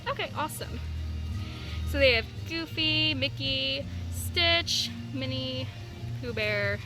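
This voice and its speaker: Woman, young adult, vlogger, giddy, gushing, high-pitched, handheld camera, outdoors. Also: takes it slowly, music in the background. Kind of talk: excited theme park vlog. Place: outdoors at a theme park.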